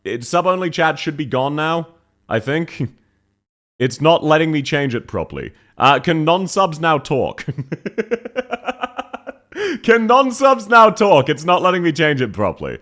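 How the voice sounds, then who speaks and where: A man's voice: fairly high pitch, very animated, normal speed, fairly bright tone. A male streamer chatting casually with his viewers, laughing often and thanking them, slightly congested and coughing. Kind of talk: casual live stream chat.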